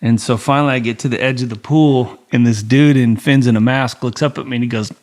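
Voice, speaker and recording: Man telling military stories, animated. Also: mid-range voice, quick pace. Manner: animated, acts out dialogue with quoted voices, swears casually. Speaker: podcast guest. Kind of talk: casual storytelling interview.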